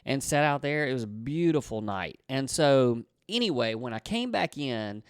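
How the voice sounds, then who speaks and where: A man's voice: medium pitch, expressive, normal speed, smooth, dry recording, studio quality. A man in his forties co-hosting a marriage podcast, telling a story in a rambling, casual way and correcting himself often. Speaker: podcast co-host.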